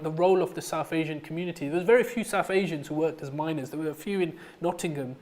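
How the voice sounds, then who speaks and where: A man giving a public lecture, telling stories emphatically with frequent ums and uhs. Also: fairly high pitch. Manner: storytelling, emphatic, frequent fillers. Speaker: guest lecturer.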